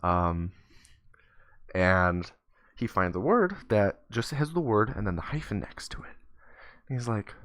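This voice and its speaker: Young male streamer, low voice, rambling storyteller with filler words, squeaks for side characters. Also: big pitch swings, measured pace, long pauses, a bit bright. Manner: rambling with many fillers and restarts; acts out the kid and teacher in high squeaky voices. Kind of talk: casual storytelling while gaming.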